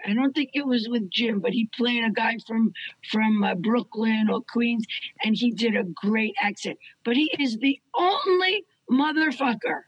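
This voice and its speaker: A woman's voice: fairly high pitch, a little slow, breathy edge, no echo, muffled recording. A woman talking as a guest in a casual conversation, emphatic and a little profane.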